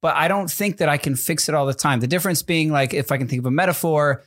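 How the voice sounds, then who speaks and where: A man's voice: a little high, quick pace, a bit bright, no echo, clean studio sound. A young man in casual chat, rambling with many restarts and constant "like" and "you know what I mean". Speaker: podcast co-host and father of infant twins.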